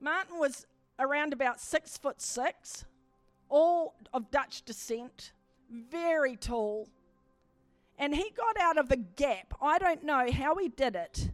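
A woman preacher with a high, bright-sitting voice delivers a personal testimony as a sermon. Her storytelling is animated and swells into fervent exhortation, close and dry on the mic with faint music underneath. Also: slow pace, dry recording.

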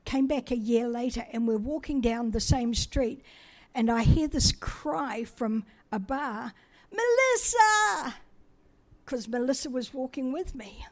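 A middle-aged woman from New Zealand telling her own story with a chatty, self-deprecating warmth. Her voice sits a little high, and she slips into quick bits of dialogue as she talks. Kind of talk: personal testimony talk.

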